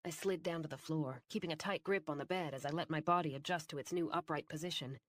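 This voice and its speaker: A woman narrating a fantasy audiobook in first person, with a wry, brisk storytelling manner. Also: low-pitched, no room sound.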